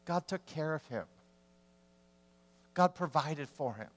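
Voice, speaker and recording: A man preaching a sermon as a pastor, telling the story with animation and swinging from loud to hushed. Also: a little high, expressive, takes it slowly.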